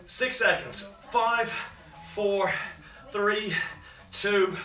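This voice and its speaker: A man's voice: high voice, very slow, pushed and bright, distant mic. A man coaching a live home workout, calling out countdowns with energy while exerting himself and breathing hard. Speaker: fitness coach. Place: home room. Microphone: phone camera at a distance. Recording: echoey room, voice off-mic, faint music.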